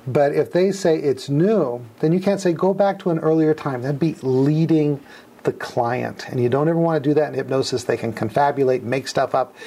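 A man's voice: fairly high pitch, warm tone. A man teaching age regression hypnotherapy, explaining step by step and acting out client replies. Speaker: hypnotherapy instructor. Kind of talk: teaching a class.

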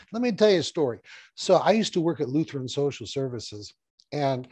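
Mellow-voiced man teaching hypnotherapy. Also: medium pitch, dry recording. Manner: storytelling, conversational, repeats key phrases. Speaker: hypnotherapy trainer. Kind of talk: casual teaching talk to camera.

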